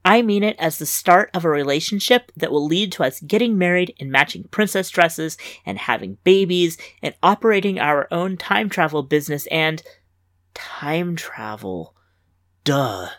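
Woman reading fiction, slightly low, dry. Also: expressive, normal speed, hardly any pauses, fairly bright tone, no room sound. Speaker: story reader and host. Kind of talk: scripted fiction narration.

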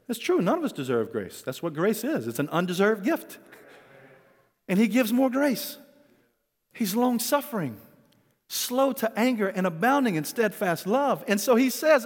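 A man's voice: very high-pitched, sing-song, moderate pace, big-room sound. A man preaching a sermon as pastor, earnest and often chuckling as he teaches.

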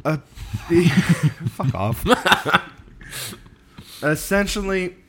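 A man's voice: medium pitch, animated, normal speed, fairly bright tone. A tired man telling a history story on a podcast in casual chat, rambling, laughing often and stumbling over names. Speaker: podcast co-host.

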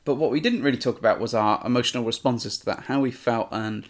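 A man's voice: medium pitch, fast talker. Joking, rambling podcast co-host man. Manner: rambling, joking, self-mocking. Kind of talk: casual chat.

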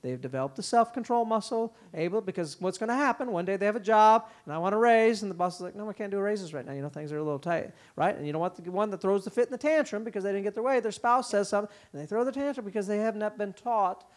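A man speaking at a parenting conference, telling stories and acting out quick lines for kids and parents. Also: sits high. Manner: animated storytelling, voices children and parents in quoted bits. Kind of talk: conference talk. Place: conference hall.

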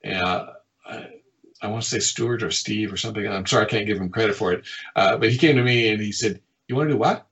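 A middle-aged man, a game designer, telling stories from his past work in a lively way, often chuckling and acting out what people said. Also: lowish voice, fairly quick, lo-fi sound. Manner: lively storyteller who chuckles often and acts out quotes. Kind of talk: reminiscing anecdotes in an interview.

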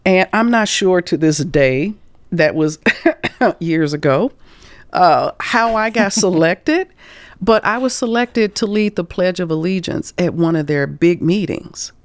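Expressive woman with a low voice, dry sound. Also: measured pace, no room sound. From St. Louis, USA. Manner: expressive, acts out quoted voices with chuckles. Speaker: guest, career coach and speaker. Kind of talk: storytelling interview talk.

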